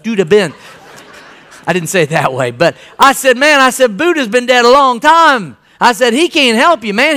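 High, bright-voiced man preaching a sermon. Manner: animated storytelling, acting out quoted dialogue. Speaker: pastor.

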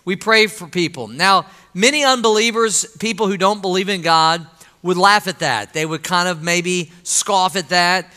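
Preacher guy, bright crisp voice, church hall echo, chatty asks the crowd stuff. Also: sits high, moderate pace. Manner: conversational preaching, rhetorical questions, asks congregation for responses. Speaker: pastor. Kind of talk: sermon. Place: church sanctuary.

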